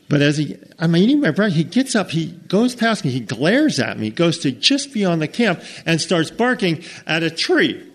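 An American man spins a comic outdoor tale for a crowd, acting out each character and noise. His pitch rises and falls widely, which keeps the telling lively and expressive. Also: normal speed, vocal fry, few pauses. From United States. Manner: animated, acts out every character and sound. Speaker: storyteller. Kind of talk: comic campfire storytelling to an audience.

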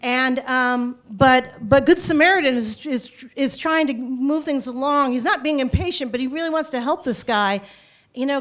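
A woman telling a personal story out loud, conversational and halting, with frequent restarts. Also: high-pitched. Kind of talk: first-person spoken storytelling.

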